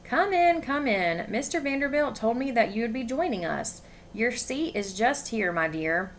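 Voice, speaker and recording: A woman voicing a bustling, gracious middle-aged lady of a grand house, fussing warmly over a guest in a read-aloud story. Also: a little high, expressive, normal speed, a little hiss or hum. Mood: fussing, welcoming. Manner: fussing, welcoming.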